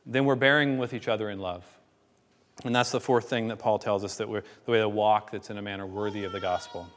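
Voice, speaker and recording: A pastor with a medium-pitched, slightly bright voice preaches a sermon in a long hall reverb. Earnest and pleading, he often restarts and repeats words.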